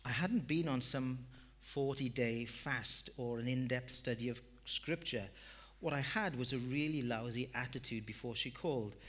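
A man, a pastor, telling a story in a sermon with self-deprecating, animated delivery. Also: mid-range voice.

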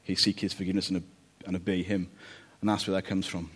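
A man preaching a relaxed, conversational sermon, joking about family life and often checking in with "okay?". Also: deep voice, fast, breathy edge. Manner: chatty, jokey, checks in with "okay?".

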